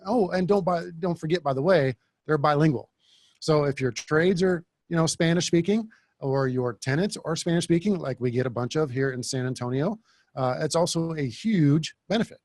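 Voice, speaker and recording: Man, podcast host, blunt casual talk, slightly high voice, dry close sound. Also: no echo. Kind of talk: casual interview chat.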